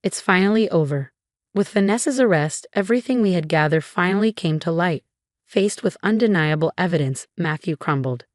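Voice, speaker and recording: Woman narrator for dramatic story reads; lowish voice, dry close sound. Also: expressive, a little fast, dry recording. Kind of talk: scripted narration.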